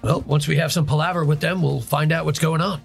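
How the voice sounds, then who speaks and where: Gravelly man playing a tabletop game. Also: a little high, fairly even intonation, fairly quick, faint music behind. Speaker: player.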